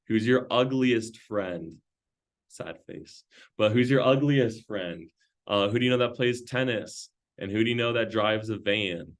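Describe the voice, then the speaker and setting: A man giving a training talk to a sales team, firing off questions in a loose, conversational way. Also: on the low side. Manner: rapid-fire string of questions, loose and conversational.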